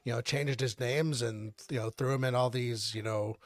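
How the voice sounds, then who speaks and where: A man's voice: mid-range voice, steady tone, normal speed. A man co-hosting a casual film podcast, rambling with many fillers and restarts as he explains. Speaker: podcast co-host. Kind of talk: casual chat.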